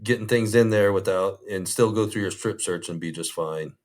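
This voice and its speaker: A man's voice: low-pitched, moderate pace, a little mellow. A man, a former prison guard, telling rambling, easygoing anecdotes in an interview, full of restarts and fillers.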